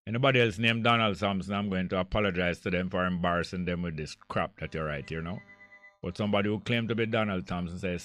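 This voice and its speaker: A man's voice: low-pitched, fairly bright tone. Older Jamaican man hosting radio. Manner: reads listener messages aloud, argues back heatedly. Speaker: radio call-in host. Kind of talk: casual call-in radio talk.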